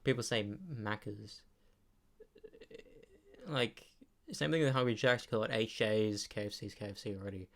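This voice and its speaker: A man's voice: fairly low pitch, steady tone, gravelly. A young adult man with an Australian accent, chatting casually and swearing now and then. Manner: slow, drawling, swears casually. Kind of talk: casual chat.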